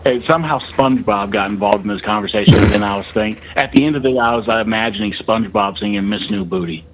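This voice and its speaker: A man's voice: on the low side, animated, fast talker, very noisy. A man calling in to a podcast over the phone, chatting casually and rambling until he loses his train of thought. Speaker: caller. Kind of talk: casual chat. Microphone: phone with earbud, then speakerphone.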